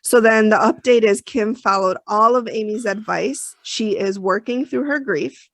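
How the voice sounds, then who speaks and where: A woman's voice: medium pitch, a little slow, no echo. A woman co-hosting a podcast, recapping an episode in emotional, chatty talk full of fillers and restarts. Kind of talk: casual chat.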